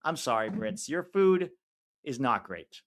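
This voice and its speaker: A man's voice: medium pitch, unhurried. An American man hosting a live football watch-along, chatting with viewers and reacting to the match. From United States. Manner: chatty, answers viewers' comments, bursts of excitement at chances.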